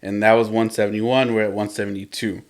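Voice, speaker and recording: Low-voiced man laughing through a recap. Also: flat delivery, quick pace. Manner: chuckles often while retelling. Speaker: podcast host. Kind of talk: casual comic book recap.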